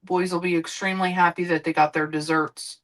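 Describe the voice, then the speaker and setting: A woman's voice: on the low side, little pitch movement, brisk, poor audio. A woman streamer chatting casually while she cooks, rambling and swearing now and then. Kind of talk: casual chat while cooking.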